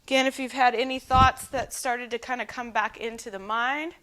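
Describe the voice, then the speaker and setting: A woman yoga instructor calmly cueing breaths and poses in a guided flow at home. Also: on the high side, moderate pace. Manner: calm, encouraging breath cueing. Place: home, dogs nearby.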